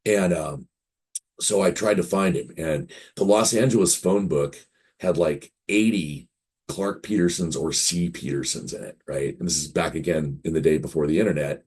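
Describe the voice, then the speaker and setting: Man, fifties, low voice, breathy rasp, casual interview, rambling anecdotes, acts out quotes. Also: normal speed, darkish tone. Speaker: game publisher guest.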